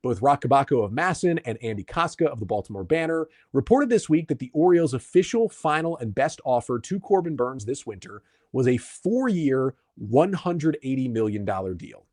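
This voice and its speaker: A man hosting a solo sports podcast, explaining baseball numbers and answering listener questions in a brisk, stat-heavy way. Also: medium pitch, very animated, a little mellow, dry recording, clean studio sound. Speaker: podcast host.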